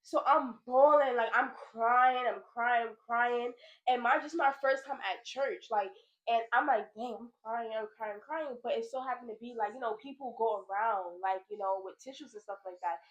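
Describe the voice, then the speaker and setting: Casting: young woman vlogger, fairly high voice, lively storyteller, relaxed home chat, fillers and laughs. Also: normal speed, lo-fi sound. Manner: animated storytelling, laughs often, many "like"s. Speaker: vlogger, big sister. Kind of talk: casual heart-to-heart chat. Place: home, pajama night.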